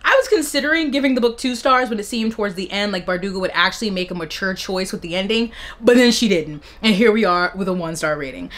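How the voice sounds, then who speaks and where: A young woman book vlogger reading out bad reviews and reacting with sarcastic, laughing commentary. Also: medium pitch. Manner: sarcastic, animated, laughs between lines.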